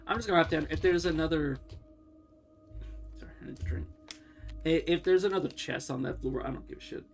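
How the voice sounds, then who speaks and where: A man's voice: a little high, fairly quick. A man streaming a game, rambling in casual commentary, swearing and talking to the characters on screen. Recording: faint game music underneath.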